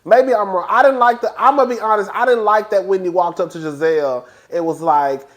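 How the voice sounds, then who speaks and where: A man reviewing a reality TV episode in casual, animated, gossipy commentary. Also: brisk, hardly any pauses. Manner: animated, gossipy, acts out quotes in high voices.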